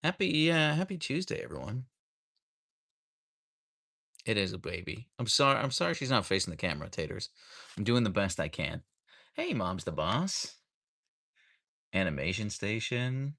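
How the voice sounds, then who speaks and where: A man hosts a relaxed livestream from home and talks to a camera on a tripod. His fairly low voice has a gravelly edge, and his pitch swings widely as he greets viewers by name and reads out their comments. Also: moderate pace, long pauses. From United States. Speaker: livestream host reading chat. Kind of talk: casual livestream chat. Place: home, rainy day.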